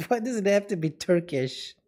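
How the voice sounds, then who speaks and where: A high-pitched, expressive, dark-toned male voice, a little slow, carries a casual livestream chat. The man jokes, swears often, and mimics foreign phrases, laughing frequently between lines.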